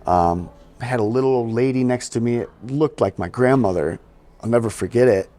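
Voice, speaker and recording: On an interview podcast, a man from the US East Coast recounts his life in a medium-pitched, dark voice at a fairly quick pace. His talk is relaxed and chatty, peppered with "you know," and he performs the quotes he recalls.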